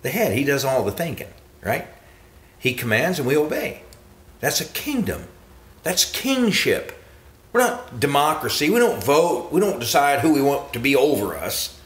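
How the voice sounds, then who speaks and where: A man preaching a sermon with emphatic repetition, often jumping to high exclamations. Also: sing-song, normal speed, reverberant.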